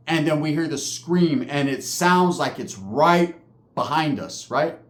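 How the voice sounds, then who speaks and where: A man's voice: a little high, a little slow. Profane man telling a story. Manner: profane, slangy, animated. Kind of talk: casual storytelling. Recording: echoey room.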